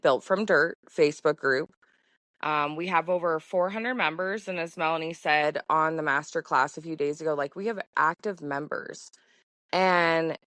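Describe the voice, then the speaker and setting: A woman's voice: on the low side, no room sound. A woman farmer talking as a podcast guest in a casual, heartfelt way with many fillers. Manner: chatty, heartfelt, lots of fillers. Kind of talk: casual conversation.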